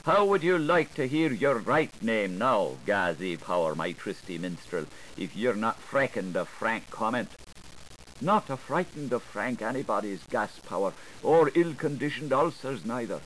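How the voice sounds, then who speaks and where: A man's voice: medium pitch, very animated, measured pace, a bit bright, a little hiss or hum, poor audio. A man giving a dramatic reading of dense literary prose, switching between voices and registers as he goes. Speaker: reader.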